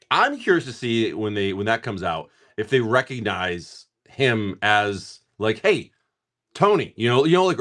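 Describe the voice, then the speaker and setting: A man's voice: fairly low pitch, bright, forceful tone. A man hosting a live stream where he opens card packs, chatting casually and upbeat with viewers, greeting them by name and swearing freely.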